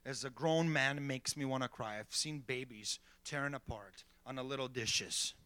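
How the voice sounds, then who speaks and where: A man's voice: mid-range voice, normal speed, pushed and bright, no echo. A middle-aged man preaching a sermon as pastor, emphatic, checking in with the congregation with repeated "okay?" and "amen.".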